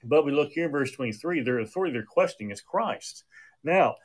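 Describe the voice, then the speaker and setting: A man's voice: on the high side, animated, a little fast, very noisy. A man preaching a sermon in a conversational way, often restarting his sentences, with an occasional cough. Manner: conversational with frequent restarts and fillers.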